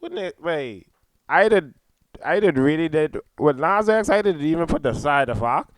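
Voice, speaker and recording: Blunt man with a smooth voice. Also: a little high, animated, normal speed, no room sound. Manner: blunt, opinionated, swears. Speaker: podcast co-host. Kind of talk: casual chat.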